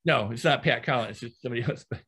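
An older man speaks as a podcast guest, a trainer who teaches through everyday stories. His voice sits at an ordinary middle pitch, and he talks in a lively, rolling way, repeating and building phrases to drive his point home. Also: fast talker, breathy edge.

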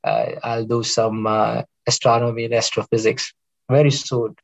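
A middle-aged cardiologist, appearing as a guest, chats casually in an interview, spinning warm, rambling stories and restarting often. His mid-range voice is creaky, with a level tone and normal speed, and the recording quality is poor.

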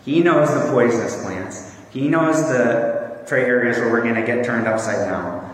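Earnest preacher in an echoing hall. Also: male voice, mid-range voice, normal speed. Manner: earnest, conversational, with fillers. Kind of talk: sermon. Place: church hall. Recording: echoey hall from far off.

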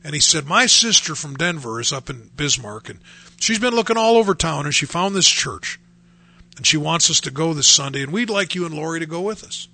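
A man's voice: a little high, expressive, a little fast, vocal fry, sharp tone. A man telling his personal faith testimony in a conversational way, acting out the voices he quotes. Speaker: speaker sharing his testimony.

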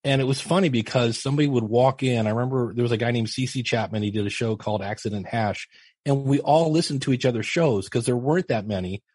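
A man's voice: mid-range voice, fast, darkish tone, slightly rough, no room sound. A middle-aged man, a podcast guest, telling stories in a chatty, self-mocking way and acting out the people he quotes. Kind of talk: casual storytelling interview.

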